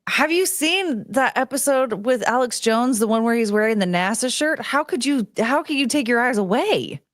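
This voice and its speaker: A young adult woman on a podcast panel, chatting in an animated, mocking way. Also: on the high side, moderate pace, no room sound, clean studio sound. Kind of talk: casual chat.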